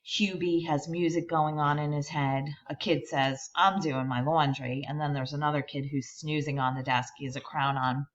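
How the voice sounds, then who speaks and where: A woman reading a children's picture book aloud, expressive and stopping to point out the pictures. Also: deep voice, dull audio. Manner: expressive reader who pauses to explain the pictures. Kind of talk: read-aloud storytime.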